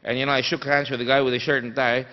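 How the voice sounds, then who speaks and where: A Filipino man with a mid-range, fairly flat voice races through a conference speech as a guest speaker, telling it as an emphatic story packed with fillers. The recording sounds dull, made in a reverberant conference hall.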